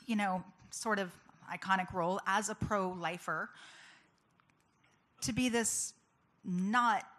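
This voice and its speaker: A woman's voice: mid-range voice, a bit bright. A woman giving a personal testimony as a public speaker, telling her story candidly and conversationally with many casual fillers.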